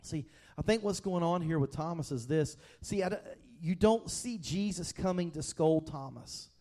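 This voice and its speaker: A male pastor delivering a sermon in an earnest, conversational way. His voice sits a little high for a man, and he often repeats or restarts words as he builds his point. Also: normal speed, dark tone.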